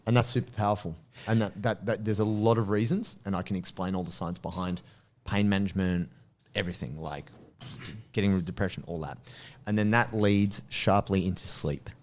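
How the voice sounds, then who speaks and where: A man, a podcast guest and coach, telling stories in animated casual chat and laughing easily. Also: sits low, a little hiss or hum. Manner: animated storyteller, quick to laugh. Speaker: guest, strength and martial arts coach.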